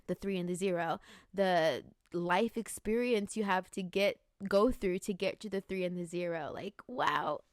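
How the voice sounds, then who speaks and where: A woman in her late twenties hosts a podcast, speaking in a reflective, earnest way with a casual filler-heavy flow. Her voice sits at a middle pitch and is recorded close and dry, with no room sound. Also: darkish tone, no echo. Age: 20s. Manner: earnest, musing, with many "like"s. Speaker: podcast host. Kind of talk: reflective spiritual talk.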